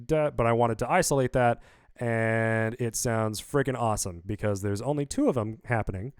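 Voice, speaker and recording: A man's voice: medium pitch, clean tone, no echo. A man casually explaining how he produced his song, rambling upbeat with many fillers, talking into a studio vocal mic. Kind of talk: casual video breakdown.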